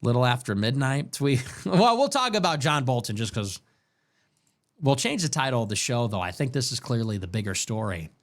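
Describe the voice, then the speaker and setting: In a mid-range voice at normal speed, a man fronts a late-night livestream commentary show, ranting with heat and energy and circling back with restarts as he builds himself up.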